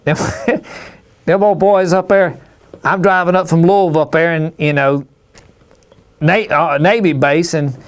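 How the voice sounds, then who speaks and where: A man's voice: a little high, steady tone, unhurried, long pauses, smooth. A man from Alabama, hosting a hunting call-in show in a folksy, rambling way. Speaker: radio show host. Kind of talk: casual call-in chat.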